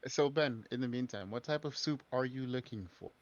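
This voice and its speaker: A man's voice: mid-range voice, moderate pace, no echo, dull audio. A man joking around as a player in an online tabletop game, laughing often. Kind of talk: casual chat at a game table. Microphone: video call.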